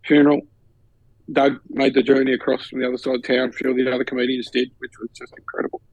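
A man's voice: medium pitch, fast, dry recording, low-quality recording. An Australian man co-hosting a podcast, telling a story in casual chat and acting out the voices of the people in it with laughter. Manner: animated, acts out quoted voices with laughter. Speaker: podcast co-host.

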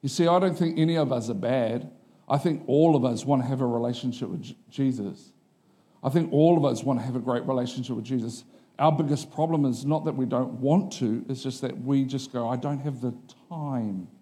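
A middle-aged male pastor with a husky voice preaches at a moderate pace. His sermon is casual and conversational, full of questions asking the congregation if they follow, and he voices quotes in a higher, animated way.

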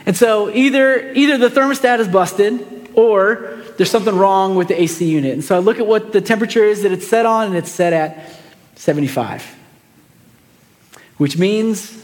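A pastor, preaching a sermon in a relaxed, conversational way, telling a family story with lots of fillers and restarts. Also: male voice, sits high, in a large hall.

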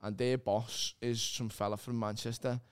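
A man's voice: medium pitch, flat delivery, clear, resonant tone. Sweary man telling stories. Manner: sweary storytelling, halting restarts, laughing often. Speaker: comedian guest. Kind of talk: casual podcast chat.

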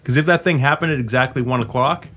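A man's voice: medium pitch, fast, fairly bright tone, a little hiss or hum. A man hosting a casual podcast about game updates, chatty and rambling with many fillers, sometimes slipping into a radio-announcer tone. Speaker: game developer podcast host.

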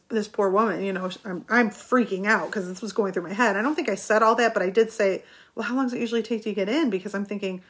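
A middle-aged woman talking to her viewers, recounting a personal story in an animated, chatty way and laughing now and then. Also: medium pitch. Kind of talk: casual storytelling.

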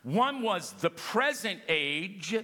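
Male pastor, high forceful voice, emphatic preaching, reverberant sanctuary sound. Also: big pitch swings, slow pace. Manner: emphatic preaching, calls for congregation response. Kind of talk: sermon. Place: church sanctuary. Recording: long reverb of a large hall.

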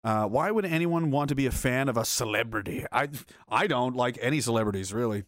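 A man's voice: mid-range voice, animated, fairly quick, no room sound, studio quality. A man livestreaming and reading his chat, telling rambling stories in a blunt, crude, profane rant. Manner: rambling storyteller.

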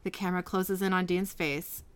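A woman's voice: fairly low pitch, steady tone, moderate pace, smooth. A woman co-hosting a podcast, chatting casually and retelling an episode scene by scene, quoting the dialogue plainly. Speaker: podcast co-host. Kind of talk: casual chat and episode recap.

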